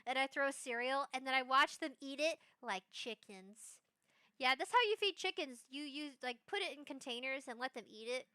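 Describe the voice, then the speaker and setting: A young woman streaming live, chatting in a rambling, bubbly way with bursts of excited squeals. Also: high voice, normal speed, clean tone, no echo, studio quality. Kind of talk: casual live-stream chat.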